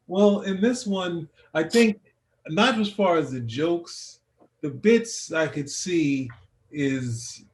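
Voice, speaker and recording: A man's voice: fairly high pitch, takes it slowly. A man co-hosting a casual review chat, rambling with many restarts as he thinks aloud. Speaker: podcast co-host.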